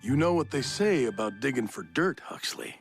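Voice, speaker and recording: A stern cartoon grown-up. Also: male voice, mid-range voice, big pitch swings, moderate pace, gravelly, faint music behind. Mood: admonishing. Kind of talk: animated series dialogue.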